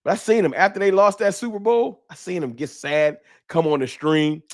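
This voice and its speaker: A man hosting a fan livestream, talking trash in a preachy, animated way and reading viewer chats aloud. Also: on the high side, normal speed. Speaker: sports fan show host.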